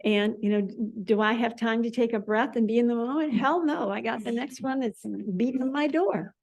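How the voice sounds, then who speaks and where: Expressive woman leading a spiritual class. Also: fairly high pitch, brisk. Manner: animated, repeats words as sound effects. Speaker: class leader. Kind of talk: spiritual study class discussion.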